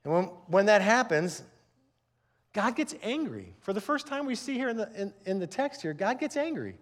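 A man's voice: high-pitched, sing-song, normal speed. A man in his fifties, a pastor giving a conversational, earnest sermon with frequent restarts.

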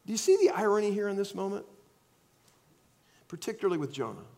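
A man preaching a sermon, swinging between loud acted-out outbursts and quiet, earnest asides. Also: high voice, very animated, quick pace, gravelly. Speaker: pastor.

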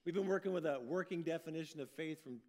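A pastor preaches in a folksy, upbeat way. His voice sits high for a man, and he often restarts his phrases as he goes. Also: quick pace, a little mellow. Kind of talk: sermon.

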